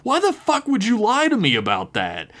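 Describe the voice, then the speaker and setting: A man's voice: high-pitched, wildly swooping pitch, moderate pace, fairly bright tone, voice pushed up, exaggerated voice. A man voicing a wary young woman who talks bluntly and swears when upset. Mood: shocked, wary. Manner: blunt, profane, defensive.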